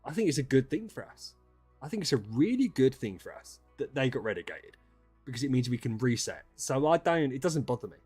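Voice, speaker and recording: A man streaming casual chat with viewers, ranting and swearing, dropping to mutters and then rising to loud outbursts. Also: medium pitch, sing-song, a little fast, slightly rough, soft background music.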